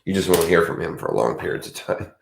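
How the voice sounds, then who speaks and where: Low-voiced man chatting in an echoey room. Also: expressive, creaky, a little hiss or hum. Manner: rambling, self-reflective, halting restarts. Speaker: podcast co-host. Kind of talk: casual chat.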